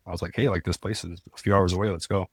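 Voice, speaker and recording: A young man with a very low, deep voice tells his story as a podcast guest. He talks casually and earnestly, often pausing on "like" and restarting his sentences. The sound is dry and close. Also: steady tone, breathy edge, dry recording. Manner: earnest, many "like" fillers and restarts.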